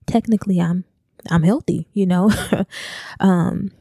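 Young woman hosting a podcast, low gravelly voice, dark mellow tone, halting and raw. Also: dry recording, studio quality. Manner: raw, halting, swears freely. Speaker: podcast co-host. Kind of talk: confessional monologue.

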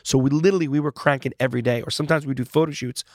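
Man in his forties, rapid talker, casual interview guest, lively storyteller, dry close sound. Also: mid-range voice, dry recording. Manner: animated storyteller who acts out quotes, swears casually.

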